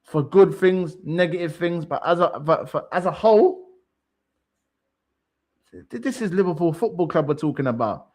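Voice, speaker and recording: A man's voice: a little high, animated, normal speed, pauses often, a little mellow. A man, co-hosting a football talk show in a heated, casual rant, emphatic and repetitive, swearing freely.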